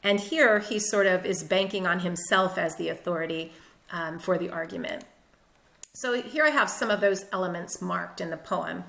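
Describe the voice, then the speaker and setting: Woman teacher, bright tone, steady lecture on a poem, recorded in a roomy space. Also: lowish voice, moderate pace. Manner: clear, methodical explanation with occasional fillers. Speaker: literature teacher. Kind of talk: lecture-style poetry analysis.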